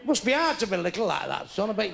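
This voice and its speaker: On a comedy club stage, an older male stand-up comedian does crowd work, teasing audience members bluntly and crudely. His voice is high-pitched, sing-song and creaky, and he talks fast. It's a live club recording with background noise.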